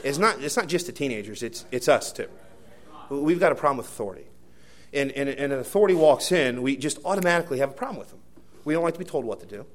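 Male preacher mid-sermon, average pitch, anecdotal and rambling, quiet asides then loud bursts. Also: lively intonation, fast talker. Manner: rambling anecdotal delivery with many fillers and restarts; swings between hushed asides and loud emphatic bursts. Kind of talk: sermon storytelling.

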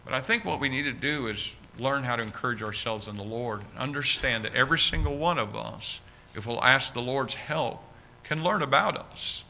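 A male preacher delivers his sermon in a folksy, earnest storytelling way. His voice is bright and forceful and sits at a middle pitch. A faint noise runs under the recording. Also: normal speed, gravelly, rough recording. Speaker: pastor. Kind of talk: sermon with closing prayer.

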